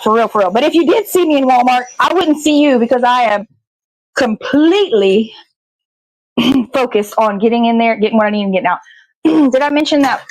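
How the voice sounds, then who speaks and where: A woman's voice: fairly high pitch, dry recording, low-quality recording. A woman hosting a morning show, chatting casually and rambling to herself as she bakes in her kitchen, swearing freely. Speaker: host. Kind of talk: casual chat while baking. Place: home kitchen.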